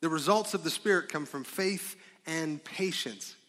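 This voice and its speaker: A man preaching a sermon as a pastor, asking the congregation questions and breaking into loud, excited bursts. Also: a little high, unhurried. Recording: long reverb of a large hall.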